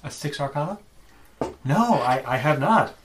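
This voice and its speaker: A man's voice: a little high, expressive, unhurried, background noise. Dry-witted man playing a tabletop game. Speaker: player. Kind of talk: in-character tabletop chat.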